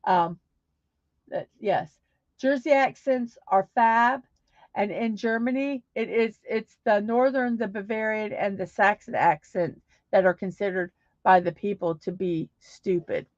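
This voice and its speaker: A woman's voice: medium pitch, unhurried, no room sound. Middle-aged female streamer, chatty and meandering, dry slightly muffled home mic. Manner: rambling, many fillers and restarts. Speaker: livestream host. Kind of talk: casual chat reading viewer comments.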